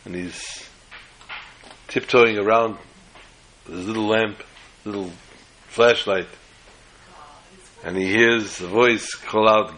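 A man's voice: on the low side, fairly even intonation, takes it slowly, pauses often, fairly bright tone, a little hiss or hum, poor audio. A man giving a Torah class lecture, explaining step by step and often restarting or rephrasing words mid-sentence. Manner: tells jokes as illustrations. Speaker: Torah teacher.

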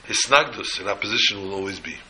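A man's voice: on the low side, lively intonation, fast, sharp tone, slight background noise, low-quality recording. A man preaching a sermon, telling a parable in an emphatic way and mixing in Hebrew and Yiddish terms. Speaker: rabbi.

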